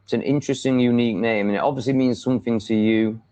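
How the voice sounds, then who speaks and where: Talking at a quick pace, an English man with a mellow, medium-pitched voice and a steady tone hosts a casual live stream. He's blunt, self-assured and rambling, using lots of ums and likes. The recording is dull, lo-fi stream audio.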